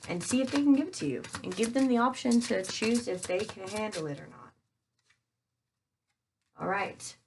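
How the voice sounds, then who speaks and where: A woman's voice: medium pitch, normal speed, long pauses, a little hiss or hum. A woman doing a casual tarot reading for her viewers, chatty and talking straight to them with plenty of fillers. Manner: chatty, addresses viewers as guys, thinks aloud with fillers. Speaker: tarot reader.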